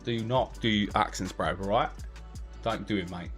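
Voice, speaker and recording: A man's voice: lowish voice, normal speed, a bit bright, soft background music. A man hosting a giveaway livestream, chatting casually to his viewers in a loose, rambling way full of fillers and restarts.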